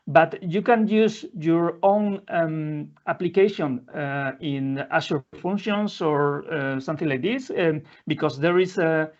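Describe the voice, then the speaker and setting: A man presenting a live software demo in non-native English, halting often with fillers and restarting his sentences. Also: a little high. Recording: dull lo-fi audio.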